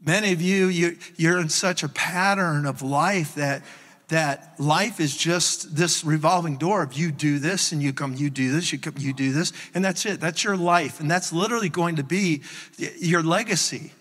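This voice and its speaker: A man preaching a sermon as pastor, animated in his storytelling. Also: fairly high pitch, moderate pace, in a large hall. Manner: animated storytelling, acts out his own reactions. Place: church sanctuary.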